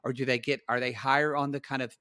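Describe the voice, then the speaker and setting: A man's voice: medium pitch, flat delivery, fast, bright, forceful tone, smooth, no echo, studio quality. A man co-hosting a podcast, gossiping his way through a reality TV recap in casual chat and speaking to listeners as y'all. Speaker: podcast co-host.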